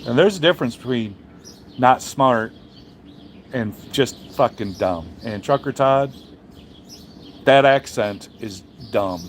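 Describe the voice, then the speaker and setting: A man talks loosely to his viewers, answering his chat in a meandering way. He is blunt and swears freely, often restarting his sentences. His voice sits at an ordinary middle pitch. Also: animated, slow, pauses often, slight background noise. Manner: rambling, profane, blunt, with frequent restarts. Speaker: trucker streamer reading chat. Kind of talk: casual livestream chat.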